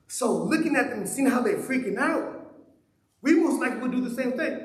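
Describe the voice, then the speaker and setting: A man's voice: sits high, echoey room, low-quality recording. A man preaching a sermon in a conversational way, asking his listeners question after question. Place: church hall.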